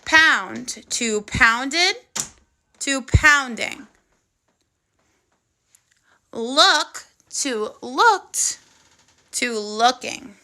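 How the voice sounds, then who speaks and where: A woman teaching a first grade phonics lesson on video, speaking slowly and clearly with plenty of encouragement for young children. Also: high voice, lively intonation, pushed and bright. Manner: slow, clear, encouraging classroom delivery.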